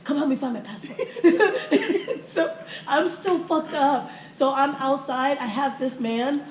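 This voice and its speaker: A woman's voice: high voice, slow pace. A woman in her thirties telling crude stories in casual chat, laughing often and acting out what people said. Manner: crude, laughing, animated storytelling with acted quotes. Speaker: podcast guest telling stories. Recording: echoey room with faint noise.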